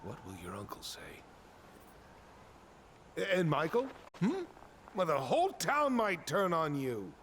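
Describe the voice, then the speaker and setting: An actor voicing a manipulative, smooth-talking man in a video game, coaxing and insinuating. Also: on the high side, wildly swooping pitch, unhurried, long pauses, a bit bright, a little hiss or hum, heavily acted.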